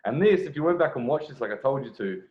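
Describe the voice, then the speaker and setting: A blunt dating coach commentates casually on a video from an echoey room, talking fast in an animated, medium-pitched voice. He's profane and often restarts his phrases, and the audio is dull.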